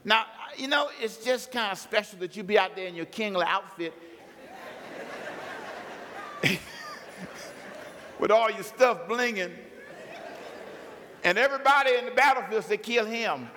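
Male preacher, high and bright, lively storytelling sermon in a reverberant hall. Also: measured pace, pauses often, a little hiss or hum. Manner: animated storytelling, acts out biblical characters.

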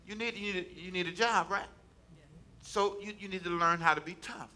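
A man's voice: high-pitched, moderate pace, bright, forceful tone, a little hiss or hum. A man preaching a sermon as pastor, folksy and colloquial, repeating phrases and calling on the congregation to answer back. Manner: call-and-response preaching, repeats phrases for emphasis.

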